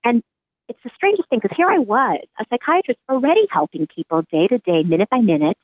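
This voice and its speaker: A woman's voice: on the high side, fairly quick, no echo. A middle-aged woman, a psychiatrist and author, giving earnest, reflective interview answers. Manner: earnest, animated, acts out remembered dialogue. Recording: dry, phone-like narrow sound.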